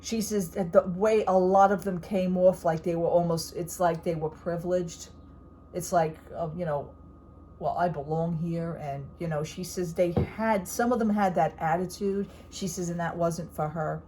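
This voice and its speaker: A woman's voice: on the low side, steady tone, moderate pace, mellow, a little hiss or hum. A middle-aged woman, blunt and chatty, telling a story and quoting what people said. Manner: chatty, blunt, retells conversations with quoted lines. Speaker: vlogger. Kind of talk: casual storytelling chat.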